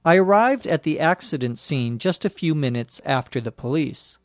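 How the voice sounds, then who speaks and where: A man narrating a detective story slowly and clearly, as an audiobook for learners. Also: medium pitch, dry recording, clean studio sound. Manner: slow and clearly spaced.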